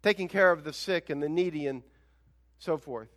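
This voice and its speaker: A male pastor preaching a sermon in an animated, conversational way, with emphatic rhetorical questions. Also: a little high, moderate pace.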